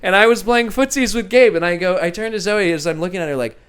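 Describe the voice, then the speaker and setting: A young man hosting a podcast, telling an animated story in casual chat, swearing freely and often breaking into laughter. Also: high voice, fast, clear, resonant tone. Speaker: podcast host.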